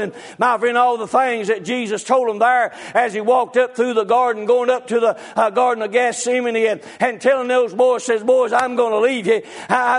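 Fervent high-voiced preacher. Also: male voice, vocal fry. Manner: fervent, repetitive "my friend", bursts into shouts. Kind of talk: sermon.

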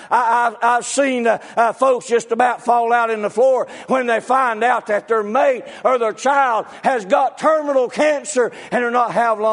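Fervent high-voiced preacher. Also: male voice. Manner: fervent, repetitive "my friend", bursts into shouts. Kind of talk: sermon.

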